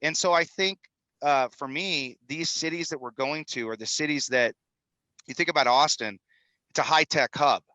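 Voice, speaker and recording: A man's voice: a little high, normal speed, pushed and bright, no echo, poor audio. A man in his fifties, a film executive producer, talking energetically and a bit rambling as a podcast guest. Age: 50s. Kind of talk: animated podcast interview talk. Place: studio in Utah.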